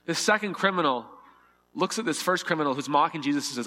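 A man's voice: on the high side, expressive, quick pace, sharp tone, big-room sound. A man preaching a sermon, earnest and vivid, acting out the scripture dialogue with shifting emphasis. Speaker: pastor.

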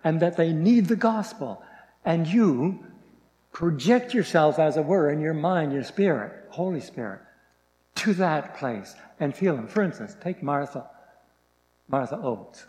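A man preaching a sermon, reading scripture slowly and stressing key words. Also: a little high, expressive, darkish tone, long reverb tail, low-quality recording.

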